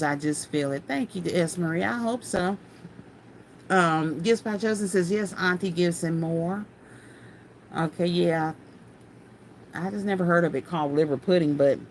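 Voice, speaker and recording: A woman's voice: low voice, slight background noise. Chatty woman on a livestream. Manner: chatty, folksy, laughs often. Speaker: craft livestream host. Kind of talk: casual livestream chat reading viewer comments.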